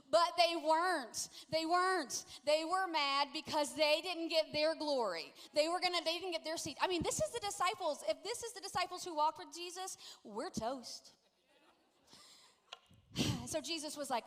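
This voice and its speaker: High-voiced woman pastor preaching in a hall. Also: moderate pace. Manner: lively storytelling, playfully acting out quotes. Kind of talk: sermon. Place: church sanctuary. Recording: long echo of a large church hall.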